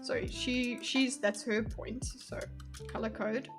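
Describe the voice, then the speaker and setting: A woman's voice: on the high side, steady tone, slow pace, faint music behind. A woman from Spain giving casual, chatty reaction commentary, swearing and laughing as she gets heated. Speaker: video commentator.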